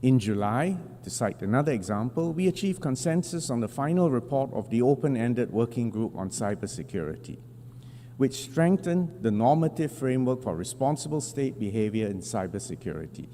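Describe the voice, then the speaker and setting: A man delivering a formal prepared speech as a government delegate at an assembly podium, measured and deliberate with emphatic pauses. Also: medium pitch, sing-song, warm tone. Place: large assembly hall. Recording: long reverb of a large hall, faint hum.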